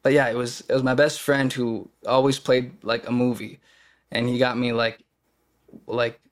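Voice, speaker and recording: A man's voice: medium pitch, little pitch movement, normal speed. A young man from the US Midwest, an actor talking casually as a podcast guest, rambling with many fillers and restarts. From Kenosha, Wisconsin, US Midwest. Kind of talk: casual conversation.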